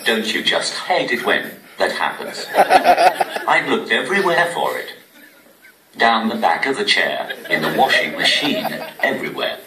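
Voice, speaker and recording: A man doing stand-up comedy through a text-to-speech device, with a posh synthetic voice and deadpan delivery. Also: mid-range voice, unhurried. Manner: deadpan, evenly paced machine delivery. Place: cinema venue on stage before a laughing audience. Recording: echoey room, distant mic, loud noise.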